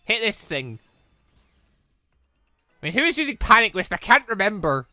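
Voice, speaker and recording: A man's voice: high voice, very animated, moderate pace, bright, forceful tone, dry recording, soft background music. A man giving exasperated let's-play commentary, swearing often and talking back to the game. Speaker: gaming YouTuber.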